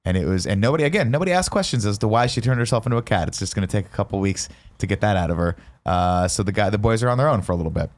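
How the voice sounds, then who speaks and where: A man's voice: on the low side, lively intonation, very fast. A man co-hosting a casual movie review podcast, recapping the plot and acting out characters in jokey voices. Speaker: podcast co-host.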